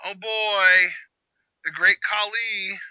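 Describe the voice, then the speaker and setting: A man hosting a casual live reaction chat, with sarcastic, quick banter. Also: high-pitched, fairly even intonation, bright, forceful tone, clear, resonant tone, dry recording. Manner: sarcastic, fast-talking banter. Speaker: channel host. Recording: dull lo-fi audio.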